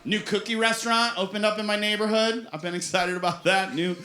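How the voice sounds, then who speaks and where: A man's voice: high voice, fairly even intonation, a little fast, pushed and bright, slight background noise. A man in his forties performing a stand-up comedy set on a club stage, telling playful self-mocking stories. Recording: roomy club sound with crowd laughter.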